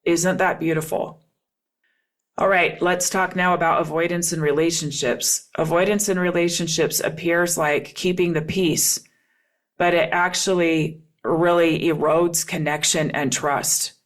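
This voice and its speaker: A woman's voice: on the low side, steady tone, unhurried. A middle-aged woman hosting a solo podcast as a relationship coach, talking earnestly and repeating key phrases for emphasis.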